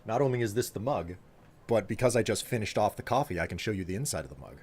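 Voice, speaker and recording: A man's voice: fairly low pitch, lively intonation, quick pace, a little mellow, slightly rough. A man streaming live, chatting casually and teasing his viewers while thanking them by name.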